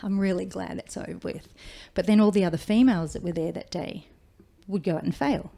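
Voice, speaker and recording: A woman's voice: lowish voice, fairly quick, vocal fry, dark tone, a little hiss or hum. A woman in her forties with an Australian accent, a firefighter telling her story in a casual interview, chatty and acting out quoted speech. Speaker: guest, firefighter.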